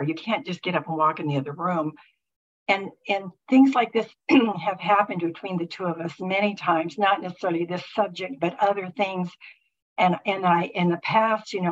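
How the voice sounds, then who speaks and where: A middle-aged woman sharing a personal faith testimony with a group, talking haltingly with many restarts and fillers. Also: fairly low pitch. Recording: muffled lo-fi recording.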